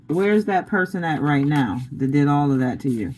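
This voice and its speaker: A woman's voice: low voice, lively intonation, normal speed, hardly any pauses, darkish tone, poor audio. Blunt, preachy woman tarot reader. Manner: blunt, preachy, laughs often, slangy. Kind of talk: casual spiritual pep talk.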